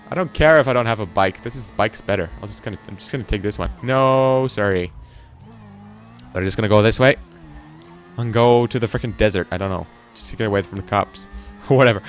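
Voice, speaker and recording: A man's voice: medium pitch, moderate pace, slight background noise. A man hosting a gaming channel, rambling and joking to himself as he plays. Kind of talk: let's play commentary.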